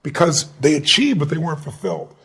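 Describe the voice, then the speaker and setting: A middle-aged motivational speaker answers an interview, telling stories in an animated way and acting out the voices of people he quotes. His voice is fairly high and husky, and he talks fast.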